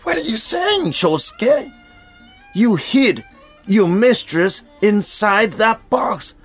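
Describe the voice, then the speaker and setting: A man voicing a jealous, furious young wife in a shrill, indignant falsetto, with faint guitar music behind. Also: sing-song, slightly rough, exaggerated voice. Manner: shrill, indignant, slow emphatic.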